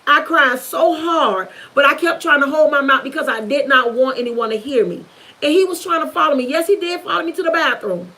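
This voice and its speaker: A young woman with a high voice speaks straight to her viewers about something painful from her past. She is earnest and intense, circling back over the same words to drive them home. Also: brisk, bright, forceful tone, low-quality recording. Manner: earnest, repetitive, intense storytelling. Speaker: vlogger. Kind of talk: emotional personal testimony to camera.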